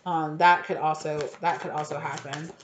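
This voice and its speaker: A woman's voice: deep voice, little pitch movement, normal speed, echoey room, muffled recording, a little hiss or hum. A woman giving a casual tarot reading to her viewers, talking loosely with lots of fillers and repeated words. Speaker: tarot reader.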